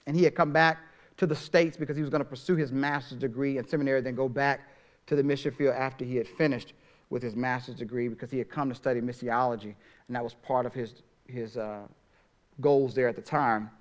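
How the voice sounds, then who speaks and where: A middle-aged man preaching a sermon as pastor, swinging from soft, drawn-out phrases to loud, emphatic ones. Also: mid-range voice, steady tone.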